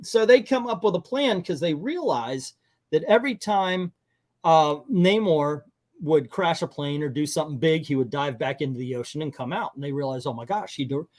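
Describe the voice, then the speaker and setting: A man's voice: fairly high pitch, normal speed. A man hosting a casual movie review chat, sarcastic and breaking into mocking voices for the characters.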